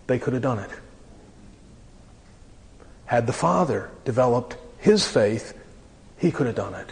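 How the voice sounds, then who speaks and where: A man preaching a sermon, earnest and slowing down to stress key phrases. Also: mid-range voice, expressive, darkish tone. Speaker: pastor. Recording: long reverb of a large hall.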